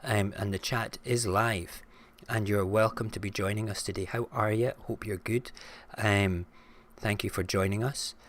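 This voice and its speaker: Ranty low-voiced Scottish man. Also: fairly even intonation, measured pace, hardly any pauses, slight background noise. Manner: frank and ranty, swears freely. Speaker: host of a live-streamed morning show. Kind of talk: casual live-stream chat and rant.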